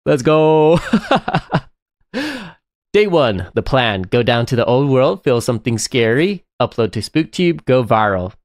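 A man giving excitable, chatty live commentary while playing a game, often breaking into laughter. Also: medium pitch, normal speed, few pauses, dry recording, studio quality. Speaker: live streamer.

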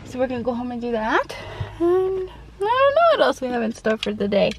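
A woman's voice: a little high, sing-song, brisk, slight background noise. A woman recording a casual family vlog on a handheld camera, chatty and giggly, with a nasal voice from a cold, talking sweetly to her children. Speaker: family vlogger.

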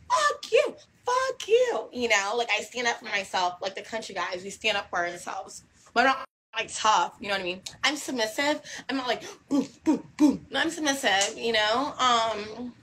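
A woman's voice: a little high, pushed and bright, a little hiss or hum, rough recording. A young woman in a casual monologue to camera, talking in a brash, combative and repetitive way and swearing freely.

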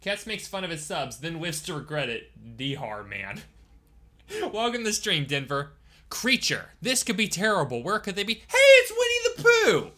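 A man's voice: fairly high pitch, big pitch swings, normal speed, a little hiss or hum. A man streaming a video game, chatting casually and joking as he plays and eats. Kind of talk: casual gameplay commentary. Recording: loud game music behind.

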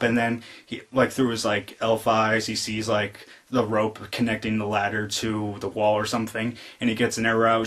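A man giving a casual spoken film review, retelling scenes in a rambling way full of fillers and jumping into excited re-enactments of the characters' lines. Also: lowish voice. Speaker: movie reviewer.

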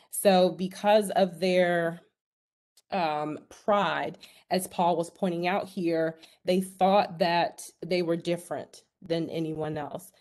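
A woman with a somewhat low voice leads a Bible study on a video call. She talks slowly and hesitantly, filling gaps with "um" and "you know" and restarting her sentences. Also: fairly even intonation, a little mellow. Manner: hesitant, many fillers and restarts. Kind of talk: teaching a virtual Bible study.

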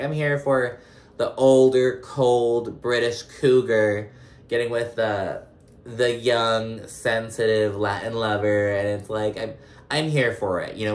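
Man, lowish voice, loose chatty recap host with a swear habit, echoey room. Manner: chatty, profane, lots of fillers. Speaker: reality show recap host. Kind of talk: casual commentary. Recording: roomy echo.

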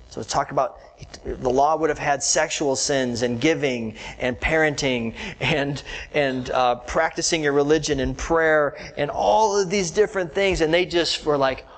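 A man delivers an animated, conversational sermon, talking straight to his congregation. His voice sits a little higher than most men's. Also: moderate pace, slight background noise, poor audio. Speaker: pastor.

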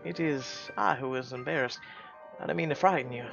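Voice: mid-range voice, brisk, creaky, music in the background, lightly acted. A gaming streamer voicing a flirtatious, theatrical male French artist with a put-on French accent, in a slightly dull lo-fi recording. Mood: gallant. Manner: theatrical, over-the-top romantic.

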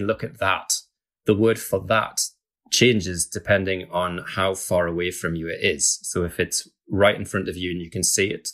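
A man's voice: low-pitched, fairly bright tone. A man, a guest author, chatting casually and explaining things with frequent hedges and laughs. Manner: chatty, hedging with "kind of", laughs often.

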